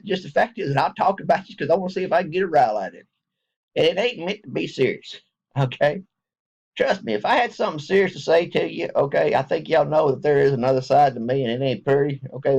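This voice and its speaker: A gravelly-voiced online video maker rambles through a spoken apology to his viewers, folksy and meandering. He often stops to restart, swinging from low mutters up to high bursts of laughter, all on a dull, lo-fi home recording.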